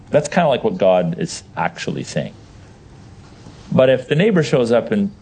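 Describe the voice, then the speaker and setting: A man's voice: medium pitch, moderate pace, husky. A man teaching a Bible class, explaining verses with emphasis and putting questions to his listeners. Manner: animated, emphatic, asks the audience questions.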